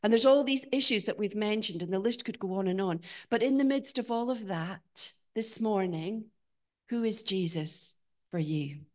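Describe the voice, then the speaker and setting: Woman preaching in church, gets loud on the big points then goes quiet asking questions, mid-pitched voice. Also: moderate pace. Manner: animated, rising to emphatic peaks and dropping to quiet questions. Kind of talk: sermon.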